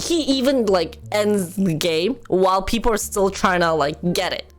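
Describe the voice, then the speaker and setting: A woman's voice: mid-range voice, sing-song, unhurried, few pauses, faint music behind. A young woman streamer chatting casually with her viewers, ranting with animation, laughing often and mimicking other people.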